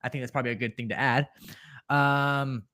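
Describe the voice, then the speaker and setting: Rambling excited man on a podcast. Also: medium pitch, brisk. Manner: rambling, excited, lots of fillers and coughs. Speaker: podcast co-host. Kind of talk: casual reaction discussion.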